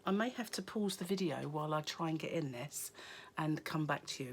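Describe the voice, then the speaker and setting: A hoarse British woman chatting casually as she unboxes yarn for her crochet vlog, often dropping to a near whisper. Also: low-pitched, expressive, fairly quick, slight background noise. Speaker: crochet vlogger.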